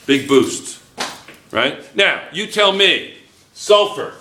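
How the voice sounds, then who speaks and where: A man's voice: fairly high pitch, lively intonation, takes it slowly, bright, forceful tone, a little hiss or hum. A man teaching chemistry to a class, playful and joking, firing questions at his students. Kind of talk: classroom lecture. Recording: echoey classroom.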